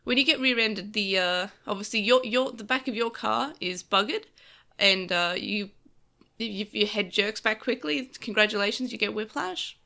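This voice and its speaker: A woman with a medium-pitched, bright, pushed voice and some vocal fry co-hosts a casual podcast. She's recovering from a car crash on painkillers, and she rambles through her stories with plenty of fillers.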